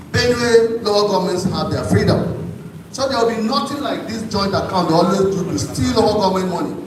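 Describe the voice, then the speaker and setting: Emphatic Nigerian man, high voice, echoey hall. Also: distant mic, noisy background. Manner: emphatic, repeats points for stress. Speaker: governorship candidate. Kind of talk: formal political debate answers. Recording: very echoey hall, picked up from afar.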